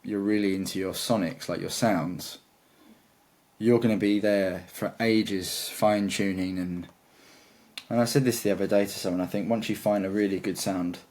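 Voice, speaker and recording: Rambling, enthusiastic low-voiced man. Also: steady tone, normal speed, darkish tone. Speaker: guitarist guest. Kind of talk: casual interview chat.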